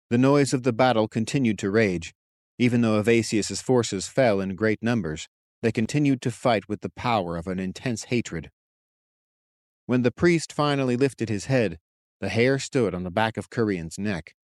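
A man with a lowish voice narrating a fantasy audiobook, reading steadily and evenly. The sound is dry and close, with no room around it. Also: darkish tone, dry recording. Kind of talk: scripted narration.

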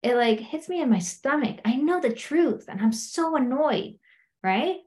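Woman coaching, chatty and slightly high. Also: lively intonation, measured pace, a little mellow. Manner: conversational, keeps asking "right?". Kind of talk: teaching a self-inquiry method.

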